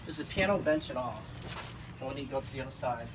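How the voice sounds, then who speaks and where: Excited man vlogging at home, halting and emotional, in an echoey space with traffic noise. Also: medium pitch. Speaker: vlogger unboxing a piano. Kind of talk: casual home video vlog. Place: at home by the front door. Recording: echoey, distant, noisy with passing traffic.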